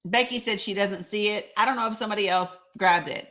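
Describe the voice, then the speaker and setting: A woman hosting a casual live stream, chatting, reading viewer comments aloud and often laughing and clearing her throat. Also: mid-range voice, fast, fairly bright tone. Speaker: livestream host.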